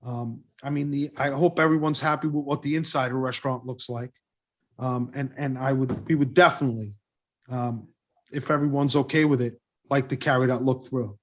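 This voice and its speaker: A man's voice: mid-range voice, fairly even intonation, brisk. A man presenting a building design at a public planning meeting, earnest and eager, often restarting his sentences.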